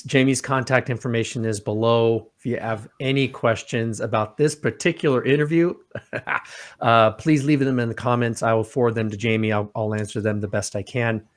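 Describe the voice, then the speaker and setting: Man, interview host, polite, appreciative. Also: mid-range voice. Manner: polite, appreciative, quick sign-off. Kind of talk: interview wrap-up.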